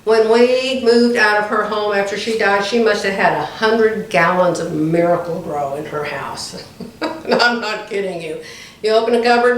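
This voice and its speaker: A woman in her seventies telling animated anecdotes to her viewers from home, laughing often. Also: medium pitch, unhurried. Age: 70s. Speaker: quilting vlogger. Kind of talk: casual chatty storytelling to viewers. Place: indoors at home by the front door. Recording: very echoey room, distant mic, faint hiss.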